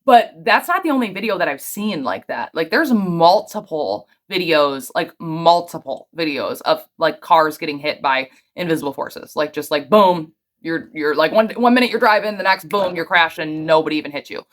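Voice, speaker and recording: A woman's voice: low-pitched, normal speed. Chatty woman reacting to videos. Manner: chatty, filler-heavy, excitable. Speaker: host reacting to cryptid videos. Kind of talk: casual reaction commentary.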